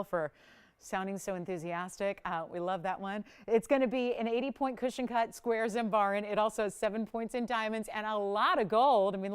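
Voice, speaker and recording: A woman hosts a live jewelry shopping broadcast from a TV studio. Her voice is smooth and polished, sitting at an ordinary middle pitch for a woman. She keeps up a chatty, upbeat sales patter. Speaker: shopping channel host.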